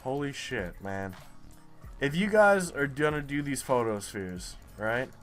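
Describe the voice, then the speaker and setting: A man's voice: mid-range voice, big pitch swings, unhurried, fairly bright tone, faint music behind. A young man giving profane, frustrated commentary while playing a geography guessing game. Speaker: gaming YouTuber. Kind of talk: live gameplay commentary.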